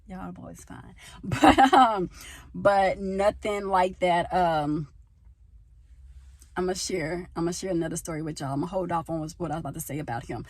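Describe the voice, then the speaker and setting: A young woman from the United States talking casually into a handheld phone, telling a personal story and getting louder as she gets passionate. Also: lowish voice, moderate pace, no room sound. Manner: animated, gets loud when passionate. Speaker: vlogger. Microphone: phone held in hand.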